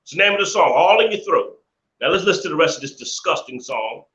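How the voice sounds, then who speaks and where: A man hosts a live stream, ranting with indignation and saying the same things repeatedly in casual commentary. He talks fast and animatedly in a slightly high, fairly bright voice, and the echoey room gives a dull, lo-fi sound.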